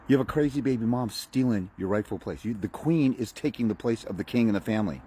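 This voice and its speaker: A man's voice: mid-range voice, fairly quick, few pauses, mellow, slight background noise. A man ranting bluntly and profanely to camera as a fathers' rights advocate, mocking and preachy. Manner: preachy, uses film analogies. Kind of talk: motivational rant to camera.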